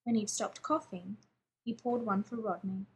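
A woman reading fiction aloud in a steady, even narrating voice. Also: medium pitch, normal speed, slight background noise.

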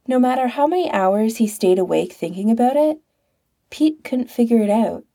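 A woman narrating a story aloud in a wry, expressive manner. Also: a little high, moderate pace. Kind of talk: storybook reading.

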